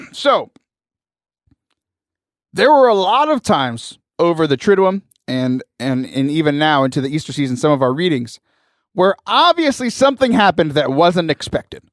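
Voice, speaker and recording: Animated man telling a story. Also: a little high, moderate pace, dry recording, studio quality. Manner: animated, laughing often, mimics voices in anecdotes. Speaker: podcast host. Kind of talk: casual storytelling.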